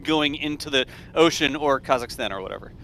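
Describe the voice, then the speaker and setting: Bright-voiced joking man. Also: medium pitch, animated, slight background noise. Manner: joking, quick and teasing. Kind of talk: casual livestream chat.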